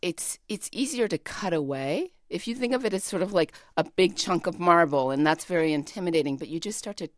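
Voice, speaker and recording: Casting: low-pitched woman, poet guest in a dry radio studio, eager and expressive. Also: a little fast, hardly any pauses, dry recording. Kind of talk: radio interview.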